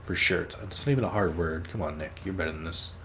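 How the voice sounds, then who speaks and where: Low-voiced man casually narrating his gameplay. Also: fast talker, slight background noise. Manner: rambling, swears freely, teases himself. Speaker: let's play host.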